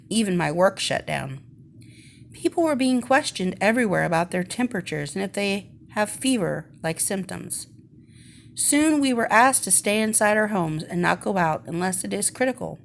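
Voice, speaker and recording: A woman's voice: medium pitch, creaky, a little hiss or hum. A woman reading a personal story aloud in an earnest, plain way.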